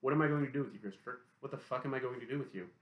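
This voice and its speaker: A man voicing an angry middle-aged father who swears and scolds his son in a low, hard voice, read in an audiobook. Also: rapid-fire, close to an everyday voice. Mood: angry scolding. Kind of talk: audiobook character voice. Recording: roomy echo.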